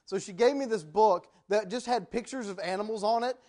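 A man's voice: sits high, brisk, darkish tone. A man, a pastor teaching an evening theology class in a joking, chatty way with many ums and uhs. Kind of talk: church class lecture.

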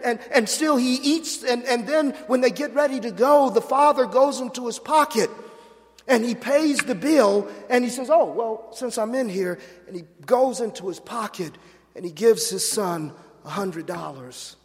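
A man preaching a sermon with rising passion, restarting and repeating phrases as he builds toward emotional peaks. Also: high-pitched. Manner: impassioned, builds to near-shouting peaks. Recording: long hall reverb.

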